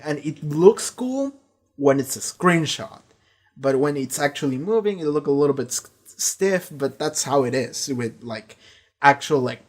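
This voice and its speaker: Man, casual review chat, rambling, swears a lot, acts out quoted lines. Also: mid-range voice. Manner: retells scenes with quick quoted voices. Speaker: show reviewer.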